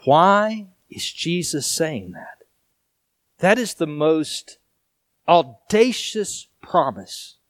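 In a fairly high, sing-song voice, a male preacher takes his sermon very slowly. He earnestly reads and explains scripture, moving between raised and hushed delivery, with no room sound.

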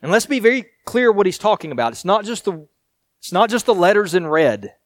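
Here a pastor with a high, sing-song voice moves briskly through his sermon. He reads and explains scripture with earnest conviction, sometimes raising his voice and sometimes hushing it, in clean, dry studio sound.

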